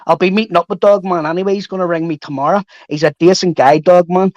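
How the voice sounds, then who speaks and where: High-voiced Northern Irish man, threatening. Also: steady tone, fast, a little mellow, dry recording, lo-fi sound. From Northern Ireland. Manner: threatening, repetitive, keeps adding "mate". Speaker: guest on a live chat stream. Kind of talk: heated live-stream call-out.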